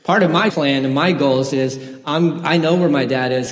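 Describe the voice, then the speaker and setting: A man's voice: fairly high pitch, normal speed, hardly any pauses. A man preaching a sermon, telling his own conversion story in an earnest, personal way with the odd laugh. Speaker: pastor. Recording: echoey hall.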